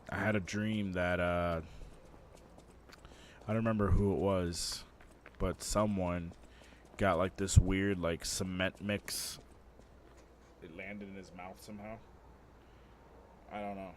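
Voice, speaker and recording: Guy streaming games, lowish voice, swears a lot, tells stories, faint room hum behind. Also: takes it slowly, long pauses. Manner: swearing, storytelling, animated retelling. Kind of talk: casual gaming stream chat.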